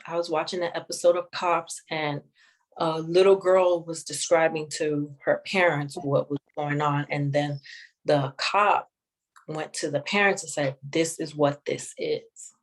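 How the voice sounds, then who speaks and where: A woman sharing a personal testimony in an interview, speaking in a measured, reflective way with many pauses. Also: low-pitched, steady tone, rough recording. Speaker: guest sharing her testimony.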